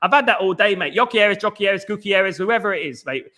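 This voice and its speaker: A Northern English man runs a casual fan livestream and chats through viewer comments. His voice sits high and sounds bright and forceful, and he keeps repeating words and shout-outs. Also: animated, quick pace. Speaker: host of a football fan livestream. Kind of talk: casual live chat reading viewer comments.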